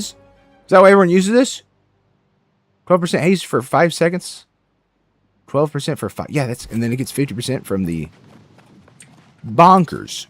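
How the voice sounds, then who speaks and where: Hyped gamer guy narrating his own play, jokey, voice swings way up and down, bit of game music behind. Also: a little high. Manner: excitable, jokey, talks to himself and the game. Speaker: gameplay streamer. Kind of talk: casual gaming commentary.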